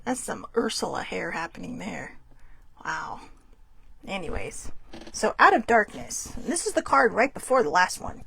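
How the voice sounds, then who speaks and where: A woman hosting a casual spiritual card reading, chatty and self-correcting, reading passages slowly aloud. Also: medium pitch, lively intonation, gravelly, fairly bright tone, husky. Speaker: host reading oracle cards.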